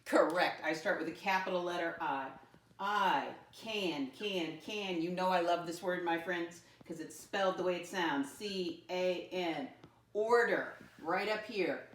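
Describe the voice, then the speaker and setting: A woman teaching young children a math lesson, talking slowly, spelling words out letter by letter, and making playful jumps in pitch. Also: far from the mic. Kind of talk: early-grade math lesson. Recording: roomy sound from off-mic.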